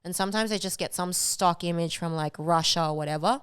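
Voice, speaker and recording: A woman's voice: lowish voice, fast talker, few pauses, clean tone, no echo. A woman guest on a podcast, chatting casually and filling her talk with "like". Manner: chatty, heavy use of "like". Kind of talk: casual chat.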